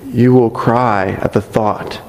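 Low-voiced man reading a testimony aloud. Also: fairly even intonation, takes it slowly, darkish tone, in a large hall, slight background noise, poor audio. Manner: earnest reading broken by light asides. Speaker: church member reading a testimony. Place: church sanctuary. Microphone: microphone.

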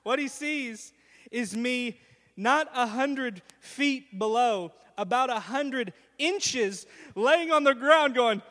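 A young male pastor preaching a sermon, an animated storyteller who acts out his own screams. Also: very high voice, takes it slowly. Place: church sanctuary. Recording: long hall reverb.

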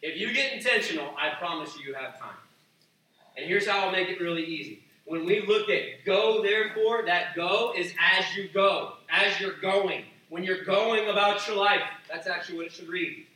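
A male preacher delivers a sermon in a casual, emphatic way, swinging into loud acted-out asides. His voice is fairly high and very bright. It echoes heavily around a large room, picked up from some distance over a faint background hum. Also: normal speed.

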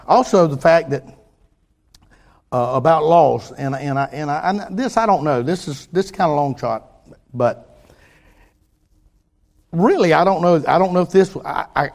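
A man preaching a sermon, his voice sitting a little higher than most men's. He talks earnestly and haltingly, restarting his sentences as he works through his thoughts, and swings between loud emphasis and quiet asides. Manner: earnest, halting with many restarts, rising and falling in intensity. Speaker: pastor.

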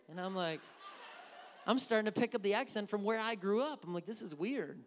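A man's voice: high voice, lively intonation, brisk. A man preaching a sermon as pastor, with a conversational, joking manner and bits of mimicry. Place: church sanctuary. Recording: echoey hall.

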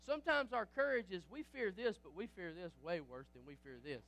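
High-voiced preaching pastor, animated. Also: male voice, fairly quick, gravelly. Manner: lively preaching with acted quotes and restarts. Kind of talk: sermon.

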